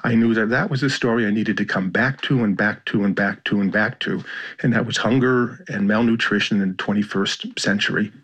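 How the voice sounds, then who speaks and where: An American man speaking as a journalist guest in an interview, measured and thoughtful, with many "you know" and "kind of" fillers. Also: on the low side, steady tone, a bit bright, breathy edge. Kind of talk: reflective interview talk.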